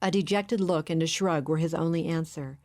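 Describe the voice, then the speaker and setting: A woman reading a novel aloud in steady, measured scripted narration. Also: deep voice. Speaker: audiobook narrator.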